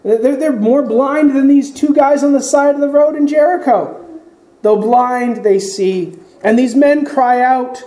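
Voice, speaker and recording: A man's voice: very high voice, measured pace, warm tone, reverberant, rough recording. A man preaching a sermon as pastor, explaining scripture and acting out the voices in the story.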